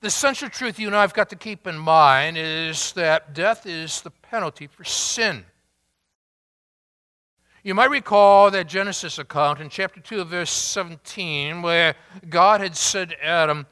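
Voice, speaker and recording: A pastor delivers his sermon at an unhurried, measured pace, stressing key words and posing rhetorical questions to his listeners. His voice sits slightly high for a man and sounds bright and clear. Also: in a large hall. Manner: deliberate, emphatic preaching with rhetorical questions.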